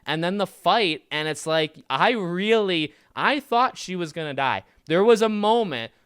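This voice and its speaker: Male podcast host, smooth resonant tone, loose restart-heavy delivery, dead-dry close mic. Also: high-pitched, measured pace, no room sound. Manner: rambling, animated, frequent restarts and fillers. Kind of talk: casual film commentary.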